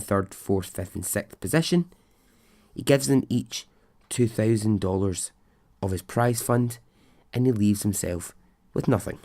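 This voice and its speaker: A man hosts a storytelling podcast, speaking in a fairly low voice. He talks slowly and unhurriedly, but stays animated and chatty, chuckling as he goes. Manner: animated, chatty, laughs at his own story. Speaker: podcast host. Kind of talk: casual storytelling.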